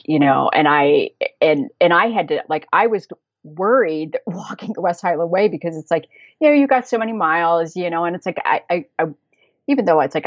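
A woman's voice: deep voice, no room sound, lo-fi sound. An American woman telling travel stories as a guest. She talks chattily, laughs often and fills her sentences with fillers and restarts. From United States. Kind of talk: casual conversational storytelling.

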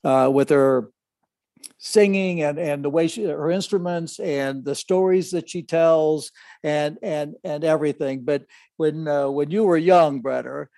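An older man co-hosting a relaxed conversation, his speech broken by constant restarts and fillers. His voice sits a little high for a man. The sound is dry and close, with no room echo. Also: creaky. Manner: halting, many restarts and fillers. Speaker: podcast co-host, father of the other host. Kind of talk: casual chat.

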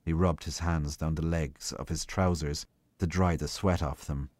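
A man giving a slow, measured literary reading of a short story. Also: extremely low pitch, steady tone, a little mellow, dry recording. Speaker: reader.

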